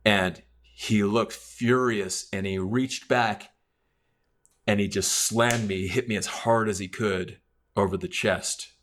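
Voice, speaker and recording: A man's voice: fairly low pitch, steady tone, slow, a bit bright. A man casually telling a long personal story on a podcast, loose and rambling with plenty of fillers. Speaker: podcast guest.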